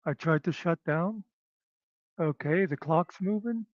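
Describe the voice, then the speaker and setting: A man hosting his own show, talking in a sardonic, rambling way with trailing pauses. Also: on the high side, no echo. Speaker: host. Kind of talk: rambling solo commentary. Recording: dull lo-fi dry recording.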